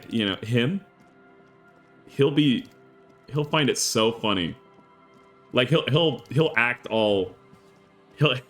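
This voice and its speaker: A man streaming a game, chatting casually with an animated, rambling storytelling manner. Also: mid-range voice. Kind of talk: casual chat while playing a game. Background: faint game music.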